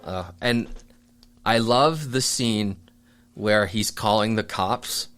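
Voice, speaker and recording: A man hosting a podcast, chatting casually about a film in an easygoing way with quick agreeing asides. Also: on the low side, fairly bright tone, clean tone. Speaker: podcast host. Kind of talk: casual movie discussion.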